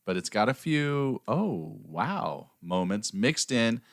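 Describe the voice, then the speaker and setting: A man's voice: mid-range voice, expressive, measured pace, smooth, no room sound, clean studio sound. A man co-hosting a podcast, reading out a case with jokey, wry asides. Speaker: podcast co-host and narrator. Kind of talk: casual podcast chat with scripted narration.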